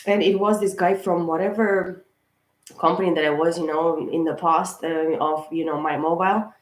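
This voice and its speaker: A woman's voice: lowish voice, steady tone, moderate pace. Chatty woman reader in an echoey room. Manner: chatty, rambling, repeats "of course" and "guys", gets worked up. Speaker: tarot reader and channel host. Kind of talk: casual astrology reading to camera.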